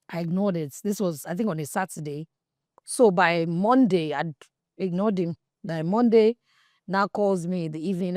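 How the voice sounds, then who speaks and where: A woman's voice: lowish voice, moderate pace, no echo, studio quality. A Nigerian woman in her forties telling a candid personal story, switching into pidgin and acting out what people said. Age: 40s. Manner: animated, slips into pidgin and plays out quoted dialogue. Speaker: podcast host.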